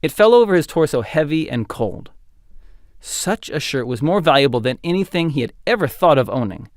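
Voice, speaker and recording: A man narrating a fantasy audiobook in an expressive, dramatic storytelling style. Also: on the high side, normal speed, no echo. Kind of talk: scripted narration.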